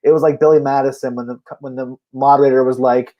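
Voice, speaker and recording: A man co-hosting a casual comic book chat, talkative and quick to laugh, often restarting his sentences. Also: mid-range voice, level tone, highs cut off. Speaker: podcast co-host.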